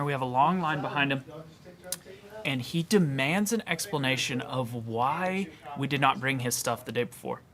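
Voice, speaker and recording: A man casually telling a story from his work at a store, conversational and relaxed. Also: on the high side. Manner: relaxed, conversational, quoting others in his own voice.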